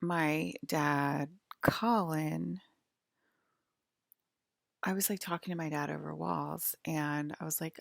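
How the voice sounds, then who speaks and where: A woman's voice: low voice, fairly even intonation, slow, creaky, pauses often, no echo, studio quality. A woman talking in a casual, rambling vlog monologue from her bedroom, leaning heavily on the filler "like". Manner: rambling, heavy use of filler "like". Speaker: vlogger.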